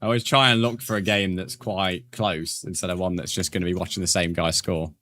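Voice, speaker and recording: Streaming a game live, a young man chats casually with his audience, reads chat aloud, and swears freely. His low voice keeps a steady, sharp tone at a fairly quick pace.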